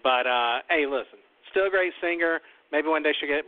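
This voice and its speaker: A man's voice: fairly high pitch, moderate pace, dry recording. A man hosting a talk show, telling a long story in a loose, rambling way and often repeating himself. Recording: tinny phone-like line, dry.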